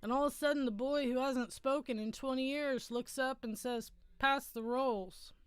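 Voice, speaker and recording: Chatty middle-aged woman, smooth dry voice. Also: high voice, fairly even intonation, brisk, no echo. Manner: rambling, chatty storyteller who often corrects herself. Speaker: musician hosting a livestream. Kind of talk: casual livestream chat.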